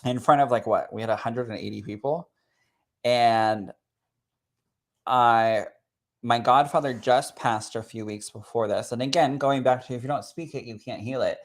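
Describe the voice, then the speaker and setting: A man, a spirit medium, sharing a personal story in an expressive, chatty way that swells with emotion. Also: medium pitch, moderate pace. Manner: expressive and chatty, full of "like" and "literally".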